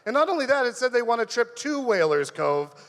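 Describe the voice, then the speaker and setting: A man doing a stand-up comedy monologue, rambling through animated stories. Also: extremely high pitch, a little fast, long reverb tail.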